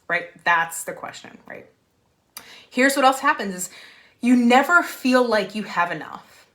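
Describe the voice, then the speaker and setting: Casting: upbeat young woman business coach, live-streaming from home, punchy and encouraging, mid-range voice. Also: mid-range voice. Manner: energetic, repeats "right?", laughs. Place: home room.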